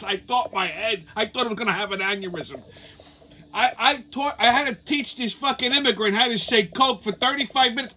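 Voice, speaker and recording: A man's voice: very high-pitched, lively intonation, a little fast, noisy background. A man hosting a show, telling a rambling comic story full of profanity. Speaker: show host.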